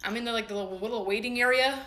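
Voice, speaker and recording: A young woman vlogger races through a personal story to camera in a fairly high, sharp voice with fairly even intonation. Slangy and loose, she swears plenty and performs what others told her, recorded with roomy echo.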